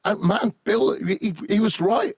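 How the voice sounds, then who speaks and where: A man, a guest musician, telling lively anecdotes in an animated way on a podcast. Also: high voice, moderate pace, breathy edge, no echo. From England. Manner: lively anecdotal, acts out quotes. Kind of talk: animated storytelling.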